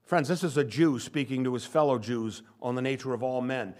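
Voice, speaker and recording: A man's voice: mid-range voice, a little fast, a little mellow. An older male pastor giving a sermon, stressing and repeating key phrases. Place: church sanctuary.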